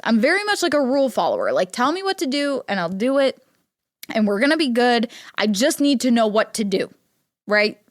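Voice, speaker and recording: Young woman podcaster from Ohio, casual and chatty, "like"-heavy, mid-pitched voice, close dry mic. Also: no echo. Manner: chatty and animated, heavy use of "like", acts out quotes in a higher voice. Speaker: podcast host. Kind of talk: casual solo podcast chat.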